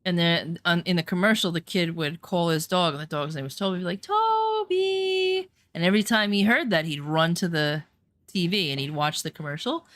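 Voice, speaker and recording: A woman telling rambling, animated anecdotes in a casual chat, full of swearing. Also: lowish voice, a little fast, no echo. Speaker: storyteller.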